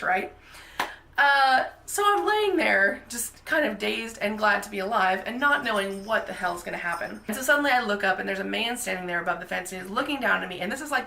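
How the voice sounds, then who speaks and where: A woman vlogger telling a funny personal anecdote in a casual, animated, self-mocking way. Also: medium pitch, vocal fry, echoey room. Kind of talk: casual storytelling.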